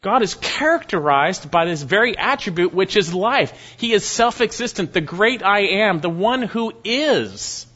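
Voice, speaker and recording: A man preaching an expository sermon, reading verses aloud with slow, deliberate emphasis. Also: high voice, expressive, pushed and bright, slightly rough. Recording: dull lo-fi recording.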